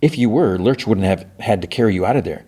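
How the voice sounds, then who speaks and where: A man's voice: fairly low pitch, expressive, fast, warm tone, breathy edge. A man voicing a bubbly, chatty teenage girl with a raised voice. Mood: perky. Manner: perky, chatty.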